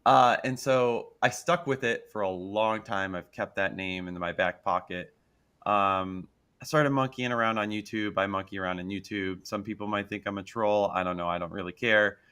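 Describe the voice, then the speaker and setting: A man's voice: fairly low pitch, moderate pace, bright, forceful tone, clear, resonant tone. A man chatting casually as a guest YouTuber, joking and rambling. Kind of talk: casual chat.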